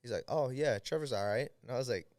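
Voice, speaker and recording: An American man, a podcast guest, telling a story in casual chat, animated, acting out the people he quotes. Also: medium pitch, fast, dry recording, studio quality. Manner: animated, quotes people in lively voices, many fillers.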